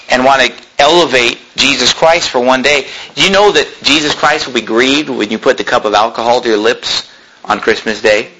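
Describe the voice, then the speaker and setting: A middle-aged man preaching a sermon, reading scripture aloud and swinging between loud emphatic peaks and low asides. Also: slight background noise, low-quality recording. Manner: reads scripture aloud in King James wording. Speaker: pastor.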